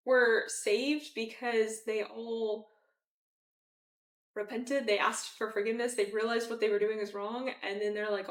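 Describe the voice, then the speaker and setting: A woman teaching a casual Bible study, chatty and animated, with many fillers and acted-out quotes. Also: fairly high pitch, unhurried, echoey room, far from the mic.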